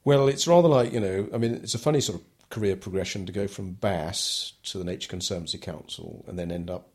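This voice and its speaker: A man's voice: sits low, a little fast, a little mellow, slightly rough. An older man telling his story in an interview, talking hesitantly with many ums and restarts. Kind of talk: relaxed oral history interview.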